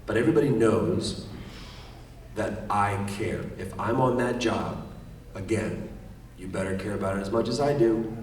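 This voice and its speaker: A man's voice: lowish voice, moderate pace, long pauses, a little mellow. A middle-aged man speaking as a voice actor guest on a convention panel. He tells stories with energy and acts out quoted lines. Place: large convention hall. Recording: echoey hall, distant mic, faint noise.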